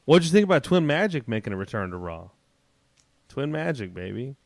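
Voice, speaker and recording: A man co-hosting a podcast, arguing his points in animated, casual chat. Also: medium pitch, gravelly, dry recording, clean studio sound. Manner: animated and argumentative, drawn-out casual filler. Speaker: podcast co-host.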